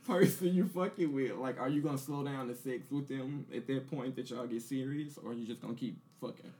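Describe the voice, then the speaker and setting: A man's voice: mid-range voice, fairly quick, darkish tone. A man hosting a casual roundtable podcast, joking with friends and reading out game questions. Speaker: podcast host. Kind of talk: casual group chat.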